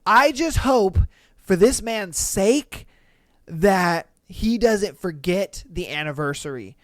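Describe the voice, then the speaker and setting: Slow, slangy male podcast host. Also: sits high, animated, fairly bright tone, no room sound, clean studio sound. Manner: slangy, laid-back, chuckling asides. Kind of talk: casual commentary reading listener posts. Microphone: studio podcast mic.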